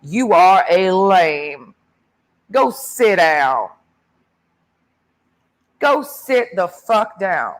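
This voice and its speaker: A young woman with a slightly low voice rants casually to camera. She tells her story bluntly and sassily, with plenty of swearing. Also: very animated, drawn-out words, long pauses. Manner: blunt, profane, sassy storytelling. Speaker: vlogger. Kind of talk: casual rant.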